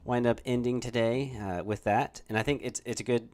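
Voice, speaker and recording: A man's voice: mid-range voice, fairly even intonation, brisk, darkish tone. A man hosting a casual livestream chat, easygoing and rambling. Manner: easygoing, rambling with many fillers and restarts. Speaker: host.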